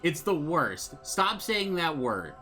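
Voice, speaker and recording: A man's voice: on the high side, very animated, slow pace, over loud music. Rambling sarcastic young male gamer. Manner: rambling, sarcastic, swears casually. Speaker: let's play gamer. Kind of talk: casual gameplay commentary.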